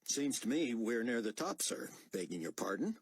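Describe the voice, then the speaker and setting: A man's voice: medium pitch, big pitch swings, moderate pace, husky, no room sound, voice pushed up. A man voicing a blunt, clipped, exasperated adult male pilot.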